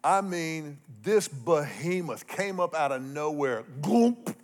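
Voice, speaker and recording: Middle-aged male pastor, lively humorous sermon storyteller, voice a touch high. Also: slow. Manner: animated, humorous storyteller with swings in loudness.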